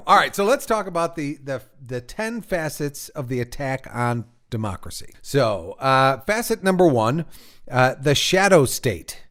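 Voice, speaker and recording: Male podcast co-host, mid-pitched, easygoing and explanatory with a dry wit. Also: expressive, normal speed. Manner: explanatory, wry, with dry humor. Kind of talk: casual conversational discussion.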